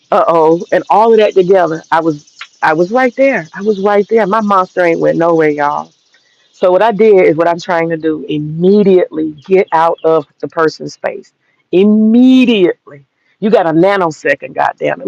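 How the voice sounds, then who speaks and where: Gravelly, blunt woman in her forties. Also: on the low side, moderate pace, a little mellow, no room sound, highs cut off. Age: 40s. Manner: blunt, profane, laughs while telling. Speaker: vlogger. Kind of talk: candid personal storytelling to viewers.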